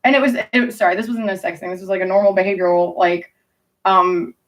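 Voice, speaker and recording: A woman's voice: medium pitch, fast talker, far from the mic. A woman telling rambling, profane stories in casual chat with her stream audience. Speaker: livestreamer talking to chat.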